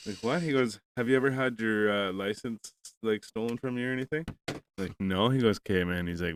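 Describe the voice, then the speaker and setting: A man's voice: fairly low pitch, fairly quick, a little hiss or hum. A man hosting a podcast, telling a rambling, profane story in casual chat and acting out both sides of a conversation. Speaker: podcast host.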